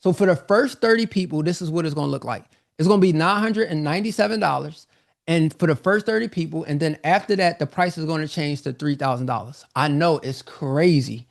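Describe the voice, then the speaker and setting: Host for a live sales webinar: a man with a slightly raised, gravelly voice, energetic and repetitive, a bit winded. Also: a little high, a little fast. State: slightly out of breath. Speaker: online business coach hosting a live sales webinar.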